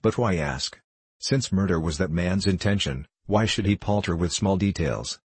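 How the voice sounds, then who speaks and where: A man's voice: low voice, animated, normal speed, husky, no echo. A man voicing a melodramatic, portly French duelist who declaims grandly, in a storybook reading.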